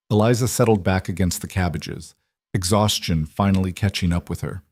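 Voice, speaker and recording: A man reading a romance story aloud in an even, measured narration, close on a dry mic. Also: low-pitched, dry recording.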